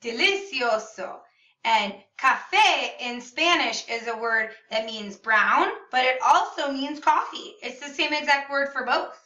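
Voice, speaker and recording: A high-pitched, animated Spanish teacher leads a kids' video lesson, slow and upbeat, pronouncing each word clearly for children to repeat. The recording is muffled and echoey, made slightly far from the mic in a classroom or room at home.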